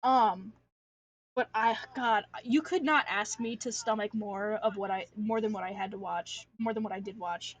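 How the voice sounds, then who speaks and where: A woman's voice: mid-range voice, moderate pace. A young adult woman chatting casually on a livestream while drawing, rambling and ranting with lots of filler and restarts. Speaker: artist streamer.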